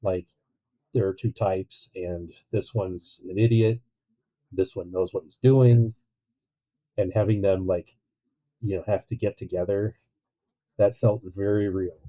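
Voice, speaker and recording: A man co-hosting a podcast, chatting casually about a film, animated and acting out quotes with a laugh. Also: low-pitched, unhurried, long pauses. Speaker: podcast co-host. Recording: tinny phone-like line.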